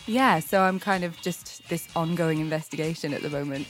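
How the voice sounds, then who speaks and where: A woman chats as a guest on a podcast, with a voice on the lower side. She is self-deprecating and chatty and laughs often. Faint music sits underneath. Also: normal speed, poor audio. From Wales. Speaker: guest, actor. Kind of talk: casual chat.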